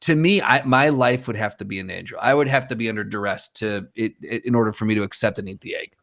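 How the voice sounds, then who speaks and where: A man co-hosting a casual podcast, joking through relaxed banter. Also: fairly low pitch, quick pace, creaky. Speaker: podcast co-host.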